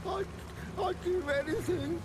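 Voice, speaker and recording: Desperate game husband. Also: male voice, very high voice, background noise. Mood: pleading. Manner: halting, broken-off pleading. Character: desperate captive husband searching for his lost wife. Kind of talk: video game character dialogue.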